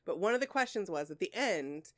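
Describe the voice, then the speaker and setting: A woman's voice: fairly low pitch, expressive, a little fast, a bit bright. A woman co-hosting a podcast in casual chat, talking candidly and at length, swearing freely, with a sore throat. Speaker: podcast co-host.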